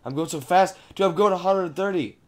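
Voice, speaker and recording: A young man chatting while gaming with friends, excitable and goofy, making silly noises and jokes. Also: high voice, a little fast. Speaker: gaming channel host. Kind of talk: casual gaming chat with friends.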